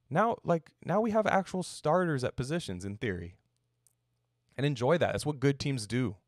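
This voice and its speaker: A man's voice: medium pitch, sing-song, brisk, dry recording, studio quality. A young man hosting a sports podcast, rambling in a casual, sarcastic way and swearing now and then.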